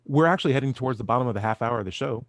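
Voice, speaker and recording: A man's voice: medium pitch, racing, no echo, clean studio sound. A man hosting a radio talk show, chatting loosely, joking, and steering the program toward breaks. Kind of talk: casual chat. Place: radio studio.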